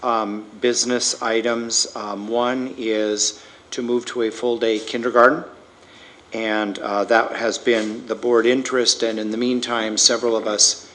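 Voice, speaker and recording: A man, the school superintendent, introducing a business item in a halting way, with many fillers. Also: mid-range voice, level tone, fairly bright tone. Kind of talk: formal meeting remarks.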